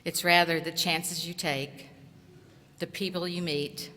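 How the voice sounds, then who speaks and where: A middle-aged woman from southeast Tennessee giving an earnest, encouraging graduation speech at a podium microphone, in short, measured phrases. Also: fairly low pitch, steady tone, pushed and bright. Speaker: commencement speaker and college instructor. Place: large auditorium. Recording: echoey hall reverb.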